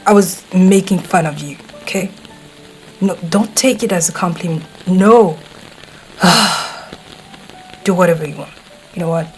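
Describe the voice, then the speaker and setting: A woman voice actor playing a gruff, hot-tempered teenage boy who swears, blusters and gets flustered, speaking to the listener in an audio role-play. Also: lowish voice, unhurried, pauses often, a little hiss or hum, lightly acted, poor audio.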